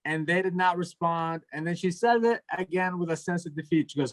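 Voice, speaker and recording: A young man doing a stand-up comedy set over a video call, telling stories in a deadpan way. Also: high voice, brisk, few pauses. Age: young adult. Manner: storytelling, deadpan, trailing into laughter.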